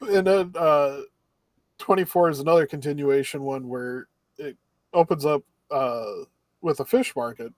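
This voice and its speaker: Higher-voiced man casually recapping an anime. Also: measured pace, a little mellow, dry recording. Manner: rambling recap with acted-out quotes. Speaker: podcast co-host.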